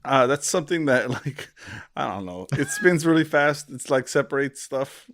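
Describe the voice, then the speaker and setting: A young man co-hosting a podcast, joking in quick casual banter. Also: mid-range voice, lively intonation, fairly bright tone, no echo. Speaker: podcast co-host. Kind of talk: casual chat.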